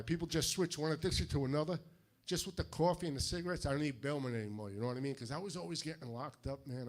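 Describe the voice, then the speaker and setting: An older man from Fall River with a New England accent, doing a stand-up routine of deadpan one-liners with punchy timing. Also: medium pitch, a little hiss or hum. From Fall River, Massachusetts. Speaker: stand-up comedian. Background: audience laughter.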